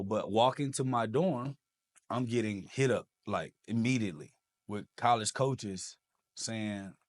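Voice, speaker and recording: This man, a podcast guest with a fairly low voice, tells his own life story in an energetic, animated way. Whenever he quotes someone, he takes on their voice and acts out the dialogue.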